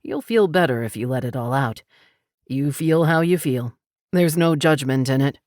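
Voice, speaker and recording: A calm, gentle grown man with a dry sense of humor, as a woman reads him in an audiobook, talking softly in a low voice. Close and dry, with no room sound. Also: moderate pace, dry recording. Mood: comforting. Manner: soft-spoken, lowered voice. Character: gentle, wry adult man, a calm listener. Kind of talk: audiobook character voice.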